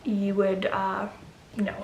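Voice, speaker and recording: A woman's voice: medium pitch, drawn-out words, slight background noise. A young pregnant woman talking casually in a get-ready-with-me vlog, rambling with fillers and restarts. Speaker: vlogger. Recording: echoey room.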